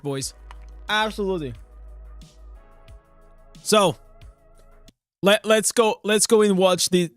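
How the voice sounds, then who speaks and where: A hyped man streams a game and reacts to a trailer live, his voice high and excited. He rambles loosely with slang and filler words, and his voice sounds dry and close with faint music underneath. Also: dry recording.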